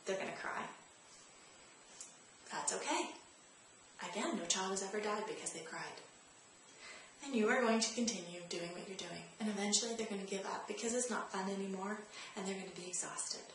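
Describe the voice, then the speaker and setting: This parenting advice host is a woman with a mid-range voice who talks fairly quickly, speaking straight to the viewer in a coaching way and repeating what matters most. A little hiss or hum, faint ambience, and strong echo fill the recording.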